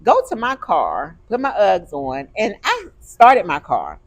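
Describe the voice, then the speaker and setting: A woman co-hosting a podcast in casual chat, telling stories with animated, expressive delivery. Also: medium pitch, unhurried. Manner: animated storytelling, turns emotional. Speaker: podcast co-host.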